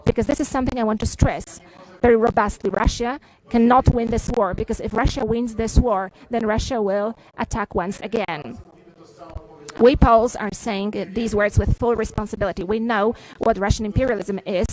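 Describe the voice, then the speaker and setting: A woman renders a head of state's statement for the press as she goes. Her delivery is halting, full of filler sounds and restarts as she searches for words. The tone stays formal and measured throughout. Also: a little high, fairly even intonation, darkish tone, rough recording. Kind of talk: live interpretation of a press briefing.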